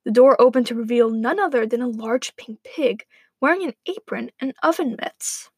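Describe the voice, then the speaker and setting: A woman's voice: fairly high pitch, moderate pace, a little mellow, husky, no echo. A woman narrating a playful, wry story aloud.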